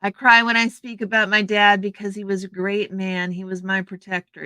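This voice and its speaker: A woman hosting a live stream takes her time, greeting each viewer by name in a chatty, welcoming way. Her voice is bright, smooth and a little high. The sound is dry and close, with no room in it. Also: no echo. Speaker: livestream host. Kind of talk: casual chat reading out viewer comments. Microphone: streaming setup microphone.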